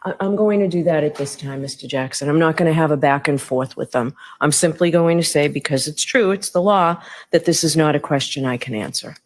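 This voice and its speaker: Firm, measured judge ruling from the bench. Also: mid-range voice. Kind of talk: courtroom ruling. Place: courtroom.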